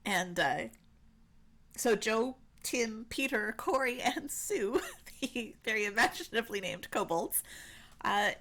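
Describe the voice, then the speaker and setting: A woman's voice: on the high side, lively intonation, unhurried, fairly bright tone. A woman narrating as game master in a casual, rambling way. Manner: casual, rambling with restarts and fillers.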